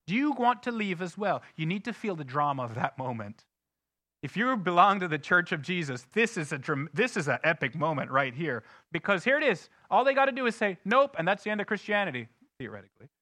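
A male pastor preaching with a high, bright, forceful voice. He swings between hushed, low asides and loud, emphatic questions to the congregation. The sound is dry and close, with little room echo. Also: big pitch swings, quick pace. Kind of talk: sermon. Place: church sanctuary.

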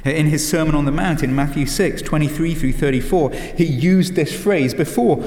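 A man's voice: on the high side, normal speed, hardly any pauses, a little mellow. Pastor, male, earnest sermon delivery with filler "uh"s, in a roomy hall with long reverb. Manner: earnest, many "uh" fillers and restarts, rhetorical questions.

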